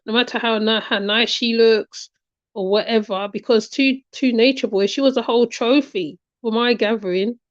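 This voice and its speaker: Woman, commentary host, emphatic and repetitive, slightly high voice, dry muffled lo-fi sound. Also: steady tone, moderate pace, no room sound. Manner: emphatic, repeats her points, asks "right?" often. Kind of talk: casual reaction commentary.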